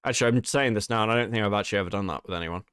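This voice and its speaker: A man's voice: lowish voice, very fast, a bit bright, clear, resonant tone, no echo, clean studio sound. A male stream host giving heated commentary, exasperated and swearing often. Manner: exasperated, profane ranting.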